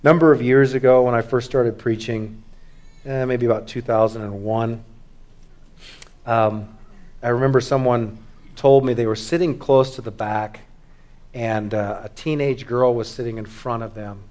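A middle-aged male pastor preaching a sermon, moving from hushed, quiet stretches to loud, fervent exhortation. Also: mid-range voice, steady tone, moderate pace.

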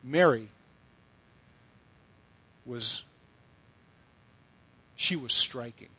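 A man's voice: mid-range voice, very slow, sharp tone, breathy edge, rough recording. A middle-aged man giving a sermon, telling stories in a conversational way with blunt asides. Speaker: speaker addressing young women. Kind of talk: sermon with storytelling.

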